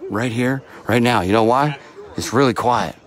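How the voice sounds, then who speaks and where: A man filming a live wrestling event from ringside, talking in a rowdy, excitable way and swearing freely. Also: medium pitch, normal speed, low-quality recording. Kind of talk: loud excited ringside chatter. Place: indoor wrestling event in a crowd.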